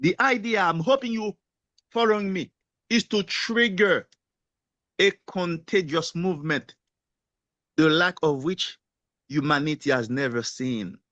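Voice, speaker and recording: A man giving a rousing motivational sales pitch in non-native English, firing off rhetorical questions and answering them himself. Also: measured pace, long pauses, a bit bright, no echo. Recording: dull lo-fi sound.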